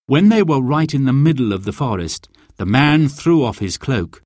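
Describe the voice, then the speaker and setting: A man reading a storybook aloud as narrator, in a slow and expressive way. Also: mid-range voice, no room sound, clean studio sound.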